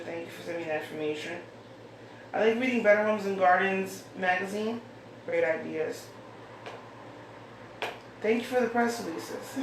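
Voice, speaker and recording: A woman hosting her own show, chatting casually and rambling as she reads out mail she has been sent. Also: lowish voice. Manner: rambling, chatty, thinks aloud. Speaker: host. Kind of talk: casual solo chat, reading out mail. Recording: echoey room, far from mic, faint hiss.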